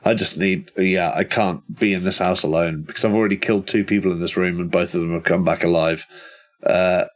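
A man playing a tabletop horror game, talking excitedly and ramblingly through his character's actions, with some swearing. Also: low voice, a little fast. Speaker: player.

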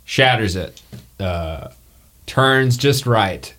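Brief: man game master, loose and joking, lively pitch. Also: very slow, faint music behind. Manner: loose, joking, full of fillers. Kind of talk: narrating a tabletop game.

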